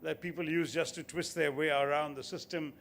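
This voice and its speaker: A man in his sixties delivers a formal convocation address, building his points with emphatic lists. His pitch sits fairly high. He speaks with polished, rhetorical command. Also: steady tone, fairly quick, a bit bright, slight background noise. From India. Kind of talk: formal ceremonial speech.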